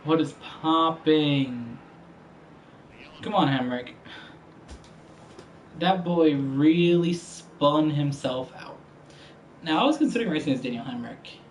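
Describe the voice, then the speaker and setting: A man's voice: on the high side, expressive, unhurried, long pauses, a little hiss or hum, low-quality recording. Slangy, profane male game streamer. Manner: profane, slangy trash talk. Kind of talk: casual gaming commentary.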